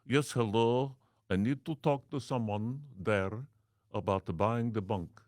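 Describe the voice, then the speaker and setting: A man's voice: fairly low pitch, normal speed, darkish tone, dry recording, clean studio sound, lightly acted. A man putting on a stilted, comically accented voice as a rich prank caller. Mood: deadpan. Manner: stilted, formal, mock accent.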